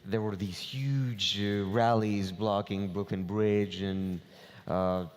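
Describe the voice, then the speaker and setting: Hesitant low-voiced man in a big hall. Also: fairly even intonation, slow. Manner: hesitant, with frequent uh fillers. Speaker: interpreter and panel guest. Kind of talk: live stage interview. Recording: long reverb of a large hall.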